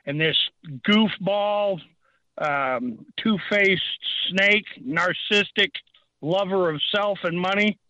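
Male caller, slightly high voice, heated storyteller on a dull phone line. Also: takes it slowly, bright, forceful tone, no room sound. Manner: impassioned, ranting storyteller. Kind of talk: call-in talk radio.

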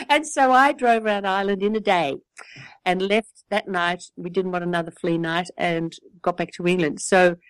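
A woman's voice: lowish voice, normal speed, smooth, no room sound, poor audio. An older Australian woman chatting casually, telling a long anecdote with frequent laughter. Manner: chatty, laughs often, animated storytelling.

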